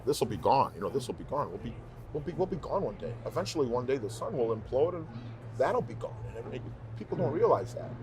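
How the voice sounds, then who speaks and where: A man who is a professional singer, guest on an interview show, telling stories in an animated, emphatic, rambling way. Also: medium pitch, fast talker, background noise. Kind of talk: casual interview talk.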